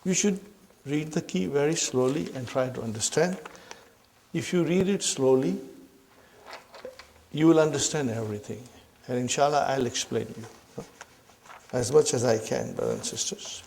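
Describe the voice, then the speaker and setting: A man's voice: medium pitch, moderate pace, creaky, long pauses, a little mellow, a little hiss or hum. A man teaching an Arabic grammar lesson to a class, who repeats his questions, checks that students follow and calls them brothers and sisters. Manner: repeats questions to the class, checks understanding with "huh?" and "are you with me"; addresses listeners as brothers and sisters.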